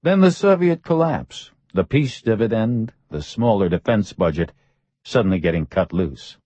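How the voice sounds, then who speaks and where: A man reading a first-person audiobook in a measured, matter-of-fact way. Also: fairly low pitch, lively intonation, warm tone, no room sound, dull audio. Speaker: audiobook narrator.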